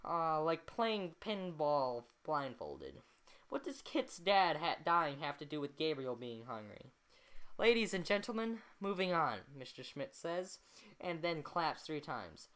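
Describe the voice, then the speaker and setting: A woman reads a novel aloud in an amateur recording, her voice on the low side yet lively, rising and falling a lot. She is chatty and breaks off to comment on the text and laugh at her own slips. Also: takes it slowly. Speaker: amateur reader. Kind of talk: reading a novel aloud with asides.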